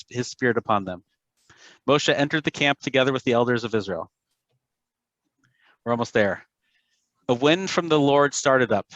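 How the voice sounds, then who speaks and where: A man reads scripture to a class and keeps stopping to explain it in lively, plain asides. His voice sits at an ordinary pitch. The sound is dry and a little dull, like a lo-fi recording. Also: dry recording. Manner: animated, breaks in with asides and explanations. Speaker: class facilitator.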